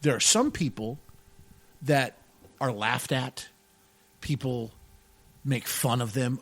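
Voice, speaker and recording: A man co-hosting a casual radio talk show, excitable and jokey, laughing often and peppering his talk with "dude" and "man". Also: mid-range voice, takes it slowly, pauses often, no room sound. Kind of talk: casual podcast banter.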